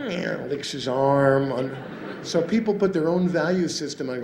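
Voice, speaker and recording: A man's voice: a little high, animated, moderate pace, a crowd in the background. A male stand-up comedian performing for a live theater audience, acting out pets and owners with sudden squeals. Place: large theater stage. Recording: roomy live theater recording, audience noise.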